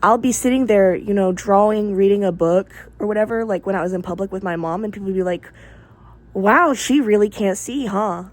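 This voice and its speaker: A woman's voice: mid-range voice, fairly even intonation, fast, few pauses, a little mellow. A woman talking straight to camera in a casual opinion monologue, blunt and candid, swearing freely and rambling through asides. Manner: rambling with many fillers and asides. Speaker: vlogger.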